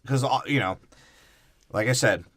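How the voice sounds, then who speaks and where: A man's voice: mid-range voice, moderate pace, a bit bright, dry recording, studio quality. Irreverent rambling podcast co-host man. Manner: rambling, irreverent jokes, swears. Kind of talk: casual movie breakdown chat.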